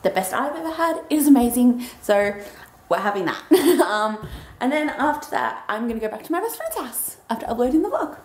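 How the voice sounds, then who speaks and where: High, lively young woman vlogging. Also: a little fast. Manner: chatty and rambling, with frequent "so yeah" and "um". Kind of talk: casual daily vlog.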